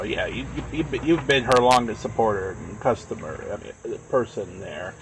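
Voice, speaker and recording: A man's voice: fairly low pitch, normal speed, fairly bright tone, slight background noise. A man chatting casually on a live stream, rambling and earnest, with plenty of fillers.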